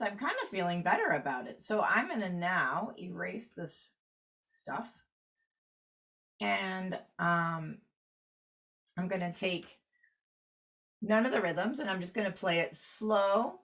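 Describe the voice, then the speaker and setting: A woman's voice: fairly low pitch, lively intonation, slow, long pauses, fairly bright tone. A woman teaching a clarinet workshop online, explaining practice rhythms step by step while annotating sheet music. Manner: explanatory, walks through steps while annotating.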